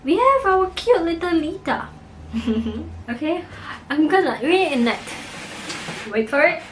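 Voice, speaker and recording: A woman vlogger casually recapping a movie, animated and acting out the characters' lines as she tells it. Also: very high voice, takes it slowly, recorded from a distance, background noise. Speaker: mukbang vlogger.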